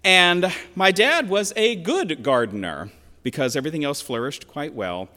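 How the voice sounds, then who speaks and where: A man in his sixties from western Pennsylvania, preaching a sermon as a pastor in a reflective, measured storytelling manner with emphatic quotations. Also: fairly high pitch, expressive, sharp tone. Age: 60s. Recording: long reverb of a large hall.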